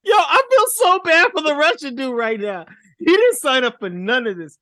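A man's voice: very high-pitched, big pitch swings, normal speed, bright, forceful tone, no echo, clean studio sound. A man co-hosting a casual movie chat with laid-back, slangy banter. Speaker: podcast co-host.

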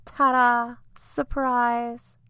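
A woman's voice: medium pitch, lively intonation, unhurried, gravelly, no room sound, clean studio sound. A woman voicing a kind female fairy who speaks in a soothing, playful way.

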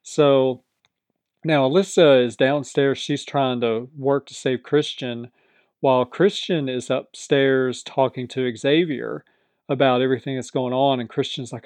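A man giving a casual, animated recap commentary, telling the story with frequent chuckles. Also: medium pitch, a little slow, no room sound. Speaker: reality TV recap host.

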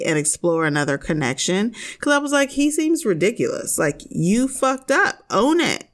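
Animated sassy woman podcaster. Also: sits low. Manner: animated, opinionated, sassy asides. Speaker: podcast host. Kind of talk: casual TV recap chat.

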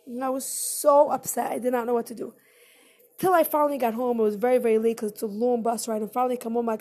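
A woman with a high voice tells a personal story straight to her viewers. She speaks earnestly and emotionally, in a loose, conversational way. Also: steady tone, fairly quick, dark tone. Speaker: vlogger.

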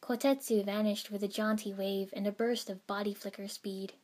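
A woman's voice: mid-range voice, steady tone, moderate pace, a little mellow. Woman narrating a story in first person.

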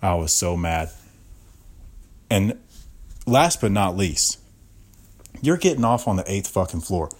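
Young guy with a real low voice doing a sweary fake-angry podcast rant. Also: very animated, slow pace, pauses often. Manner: profane, exaggerated mock-outrage, swears constantly. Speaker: podcast host.

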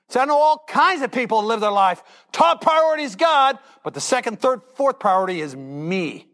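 A man's voice: high voice, expressive, moderate pace, a bit bright. A middle-aged male pastor telling a Bible story in a sermon, acting out the characters' lines with animation.

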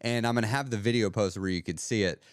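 A man's voice: lowish voice, fast, dry recording. Podcast host, male, earnest and upbeat, thinks aloud, dead-dry close mic. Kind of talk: reflective podcast monologue.

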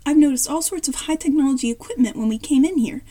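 A woman's voice: high voice, quick pace, warm tone, voice pushed up, lightly acted. A woman voicing a friendly teenage boy who is new in town, polite and easily impressed, in a story reading.

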